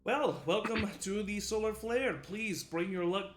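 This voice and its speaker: A woman's voice: mid-range voice, a little slow, voice pushed up, close to an everyday voice. A man voicing a cheerful, chatty woman ship captain who welcomes her new crew in a tabletop game. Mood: welcoming. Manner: bubbly, rambling, warmly apologetic.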